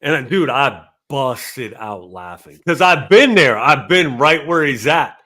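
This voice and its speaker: Lively man in casual banter. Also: mid-range voice, measured pace. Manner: animated, swears and then apologizes for it. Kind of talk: casual chat.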